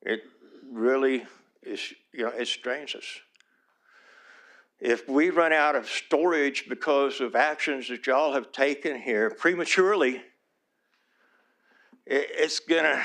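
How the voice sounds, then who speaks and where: A man speaks as a small-town mayor addressing a city board during public comment. His tone is earnest and pleading, and his voice sits at an ordinary middle pitch for a man. He keeps coming back to heartfelt requests, his voice thick with emotion. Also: slow, long pauses, a bit bright. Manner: earnest and pleading, repeats "please", voice turns emotional.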